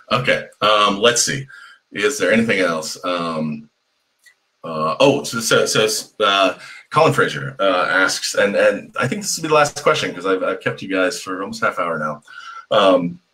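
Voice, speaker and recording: Low bright-toned guy rambling through fan q&a on a stream mic. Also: expressive, a little slow. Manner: rambling, full of restarts and fillers. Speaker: author answering fan questions. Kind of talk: live online Q&A. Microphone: computer mic on a live stream.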